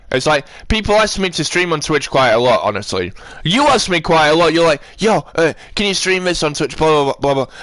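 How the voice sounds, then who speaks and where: A man's voice: a little high, fairly bright tone, no echo. A man chatting on a live stream, rambling and ranting as he answers his chat.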